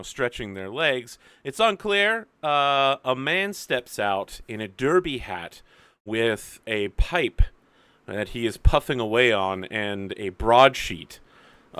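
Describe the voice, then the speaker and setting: A young man narrating a tabletop game as game master, animated and rambling. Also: mid-range voice, clear, resonant tone, no room sound.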